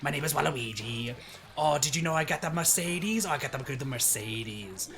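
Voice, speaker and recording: A hoarse man voicing a campy, flamboyant video game villain in an exaggerated, gushing, showy way. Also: medium pitch, expressive, normal speed, fairly bright tone, slight background noise. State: hoarse, strained voice.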